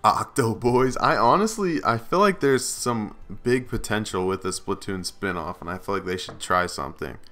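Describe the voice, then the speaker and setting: Soft-spoken, lower-voiced young man. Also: normal speed, few pauses, soft background music. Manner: agreeable, hesitant, many fillers. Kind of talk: casual gaming chat.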